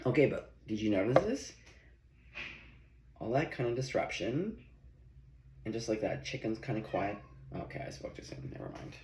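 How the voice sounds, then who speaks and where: This man's tarot reading at home moves at normal speed in a lowish, sing-song voice broken by long pauses. Chatty and self-talking, he swears and laughs throughout. His phone captures an echoey kitchen with loud noise behind him.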